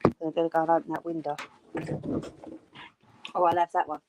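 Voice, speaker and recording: A woman's voice: deep voice, little pitch movement, fairly quick, noisy background. A woman hosting a craft live stream, chatting casually and answering her viewers' comments.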